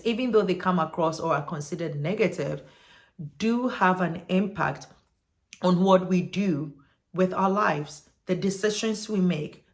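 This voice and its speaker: Parenting teacher who keeps asking "right?". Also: mid-range voice. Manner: checks in with listeners with "right?" after points; asks listeners reflective questions. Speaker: parenting educator.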